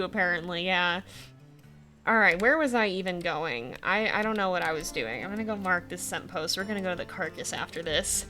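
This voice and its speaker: Giggly bright-voiced woman streamer. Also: mid-range voice. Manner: giggly, laughs often and loudly. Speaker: streamer playing a wolf game. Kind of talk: casual gameplay commentary.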